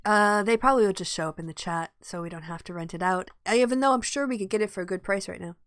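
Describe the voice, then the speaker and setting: A chatty woman co-hosting a casual online show, laughing often as she rambles. Her voice is mid-pitched and sits in a dry, close sound with no room around it. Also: fast talker, no echo. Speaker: podcast co-host. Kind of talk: casual chat. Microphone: video call.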